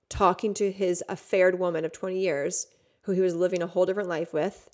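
A woman in her thirties hosting a podcast, telling a raw personal story in an intimate way, swinging from hushed to loud. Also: fairly low pitch. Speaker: podcast host.

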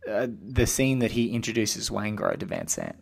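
A man's voice: fairly low pitch, normal speed, creaky, breathy edge. Rambling male podcast host. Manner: excitable, rambling, acts out quotes. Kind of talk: casual film podcast chat.

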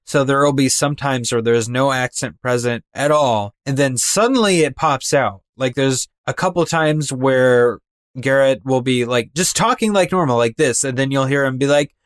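An animated man chatting as a podcast co-host, breaking into quick imitations to make his point. His voice sits in a middle register and is recorded close and dry, with no room sound. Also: medium pitch, no room sound. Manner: animated, mimics voices for effect. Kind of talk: casual chat.

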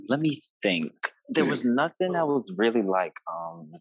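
A man guest on a podcast, telling a personal story in a relaxed, hesitant way. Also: mid-range voice, a little slow, husky, dry recording, poor audio. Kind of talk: casual chat.

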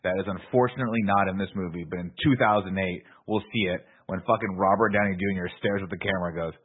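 A man's voice: low voice, quick pace, breathy edge. A man in his forties hosting a podcast, recapping a movie in casual, profane banter. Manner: profane, animated retelling. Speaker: podcast host. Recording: narrow phone-like audio.

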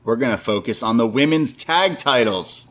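A man co-hosting a wrestling review podcast, recapping the show in casual chat and acting out quoted lines. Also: normal speed. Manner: animated, acts out quoted lines in high voices.

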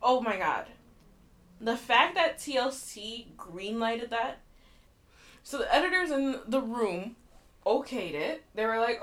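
A woman's voice: a little high, animated, unhurried, a bit bright. A young woman co-hosting a podcast in casual chat, blunt and outspoken, swearing freely. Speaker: podcast co-host.

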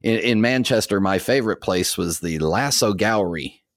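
An American man with a very low voice, chatting on a podcast. He rambles along with lots of fillers and soft chuckles. The sound is dry and close. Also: lively intonation, normal speed, dry recording. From United States. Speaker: podcast co-host. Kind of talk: casual podcast chat.

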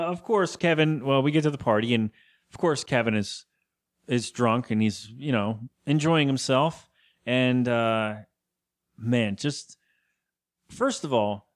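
A young man co-hosting a podcast, rambling through a TV episode recap and acting out the characters' lines in put-on voices. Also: medium pitch. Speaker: podcast co-host. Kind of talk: casual chat recapping a TV episode.

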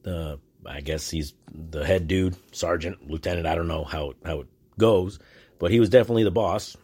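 A man hosts a podcast solo, telling a long story in a loose, rambling way. His voice sits fairly low, and he trips over restarts and fillers as he goes. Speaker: podcast host. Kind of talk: casual storytelling monologue.

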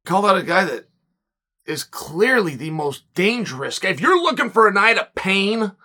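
A man delivers solo commentary with a high, bright, husky voice. He hammers points with repeated rhetorical questions, leaping from loud bursts to quiet mutters. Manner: emphatic, swings between loud punches and low muttering. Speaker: podcast host.

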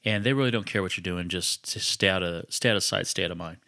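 A man's voice: deep voice, fast talker, vocal fry, sharp tone, no echo, studio quality. A man hosting a podcast, telling a personal story in a conversational, reflective way with frequent restarts. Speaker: podcast host.

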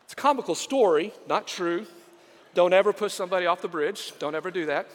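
A man's voice: sits high, fairly quick, big-room sound. A male senior pastor preaching a sermon in a conversational, storytelling way, with plenty of fillers.

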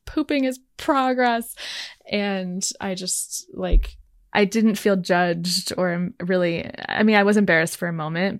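A young woman tells her own story on a podcast, frank and chatty, breaking into laughs. Her voice sits a little low with a gravelly edge. The recording is dry and close. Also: no room sound. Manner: candid, laughs often, many likes. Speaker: podcast host. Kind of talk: personal storytelling.

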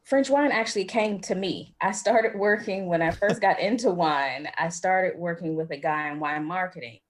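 A woman from the United States talks as a wine expert guest in an interview, chatty and animated, wandering off on tangents. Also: on the low side, normal speed. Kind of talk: conversational interview answers.

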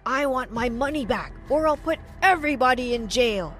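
A woman plays an irate male pawn shop owner in an animated storybook tale. He shouts his accusations in a high voice that leaps wildly up and down. Faint music plays behind him. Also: moderate pace. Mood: angry.

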